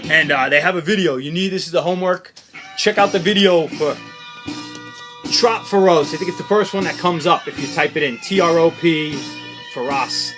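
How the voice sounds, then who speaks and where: A man's voice: fairly high pitch, moderate pace, over music. A man who collects records, talking casually through his latest vinyl finds in a chatty, opinionated, rambling way. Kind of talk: casual unscripted record haul chat.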